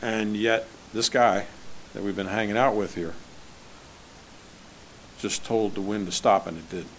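A man's voice: lowish voice, steady tone, a little slow, fairly bright tone, slight background noise. Conversational male pastor preaching. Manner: conversational, asks the congregation questions. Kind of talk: sermon.

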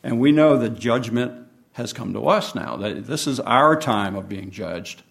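Man preacher, mid-pitched voice, patient Bible study teaching style. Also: animated, vocal fry, a bit bright. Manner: unhurried teaching, reads and explains scripture.

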